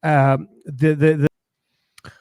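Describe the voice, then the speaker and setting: Guy rambling through a story, high voice, dry sound. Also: extremely slow, clear, resonant tone, dry recording. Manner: lively, rambling, acts out voices of people he met. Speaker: podcast host. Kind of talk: animated storytelling monologue.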